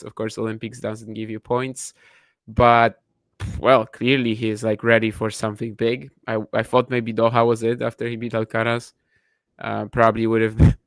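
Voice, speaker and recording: A podcast co-host makes casual chat, thinking aloud and frequently restarting his sentences. His voice is on the low side and smooth, and the recording is dry.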